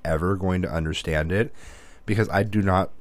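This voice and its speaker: Brief: a low-voiced father talking casually, rambling and profane, recorded dry. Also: moderate pace, no room sound. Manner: rambling, profane, with many restarts. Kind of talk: casual chat.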